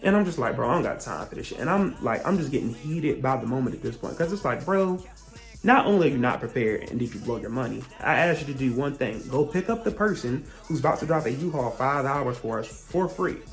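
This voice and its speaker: A young man rattles off a personal story at a quick clip, cursing freely and getting heated as he goes. His voice sits at an ordinary middle pitch. Faint music plays behind him. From Virginia, US. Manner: profane, heated retelling with animated quoted rants. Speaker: vlogger. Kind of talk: storytime vlog.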